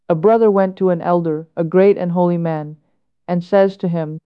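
Smooth-voiced woman reading a sermon. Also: fairly low pitch, steady tone, normal speed. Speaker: reader of a homily. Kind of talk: read sermon. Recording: dull lo-fi recording.

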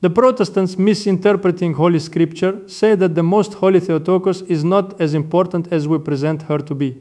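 An older man, an Orthodox monk, giving a sermon with measured, reverent storytelling. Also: high-pitched, fairly even intonation, mellow.

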